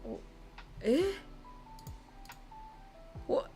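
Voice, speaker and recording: High-voiced excitable woman streamer. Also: unhurried, long pauses, soft background music. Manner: excitable, swears a lot, laughs often. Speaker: livestreamer. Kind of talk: casual livestream chat.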